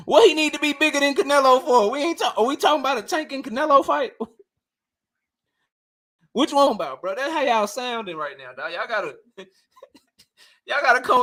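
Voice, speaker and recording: A man's voice: extremely high pitch, a bit bright. A young man hosting a casual livestream debate, talking heated and slangy, repeating himself and often laughing. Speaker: host.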